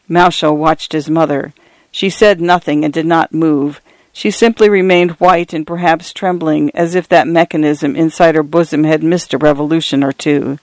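A man reading a literary novel as an audiobook narrator in a measured, even way. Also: fairly high pitch, no room sound.

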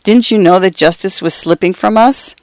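A man voicing an excitable, dramatic middle-aged man who exclaims and falters. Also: high voice, moderate pace, dry recording, voice pushed up. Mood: agitated.

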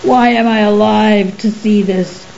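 A woman reading as a huge, gruff furry beast. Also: mid-range voice, fairly even intonation, a little slow, darkish tone, highs cut off, a little hiss or hum. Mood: anguished. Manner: scornful questioning. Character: huge furry male beast, gruff, grieving and short-tempered.

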